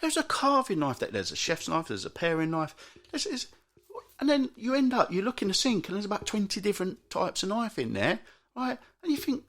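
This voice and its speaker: A man's voice: very animated, a little fast, a bit bright. Grumbling British man ranting. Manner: exasperated, grumbling, with frequent restarts and big pitch swings. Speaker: podcast host. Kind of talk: solo ranting monologue.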